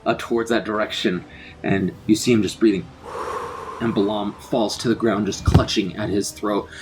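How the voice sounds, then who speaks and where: A man narrating a tabletop role-play game as game master, with vivid scene descriptions. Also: fairly low pitch.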